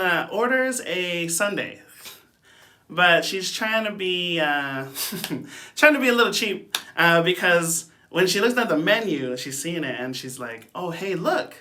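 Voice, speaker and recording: A man's voice: fairly high pitch, pushed and bright. A young man giving a casual youth talk, telling a story in a chatty way, with lots of fillers and asides and frequent laughs. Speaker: youth speaker.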